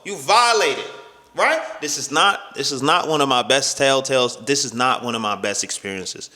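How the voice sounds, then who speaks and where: A man's voice: medium pitch, normal speed, pushed and bright. A young man telling a story from his own life in a casual vlog, full of slang and stammers, and acting out the other voices. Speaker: storytime vlogger. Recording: echoey room with long reverb.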